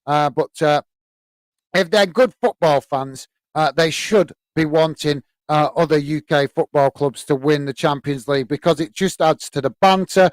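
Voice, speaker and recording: A man's voice: fairly high pitch, moderate pace, no room sound. A man from the UK hosting a live football watch-along, reading viewer comments in a hesitant, friendly way with lots of fillers and calling people mate.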